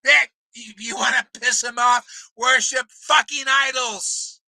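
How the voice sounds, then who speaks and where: A man preaching in an impassioned, confrontational rant, swearing freely, often shouting and mocking others. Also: very high voice, steady tone, measured pace, creaky, no room sound, low-quality recording. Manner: mocks others in put-on voices. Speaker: spiritual teacher.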